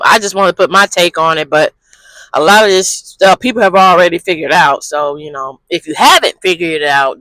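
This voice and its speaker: High, bright-voiced man chatting in a car. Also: no echo, poor audio. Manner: candid, rambling, slangy and profane. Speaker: vlogger, channel host. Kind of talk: casual talking-head vlog. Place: parked car in a parking lot.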